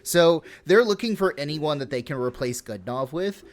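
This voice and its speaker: A man hosting a podcast casually retells history in a fairly high, animated voice at normal speed. He's profane, laughing and full of fillers.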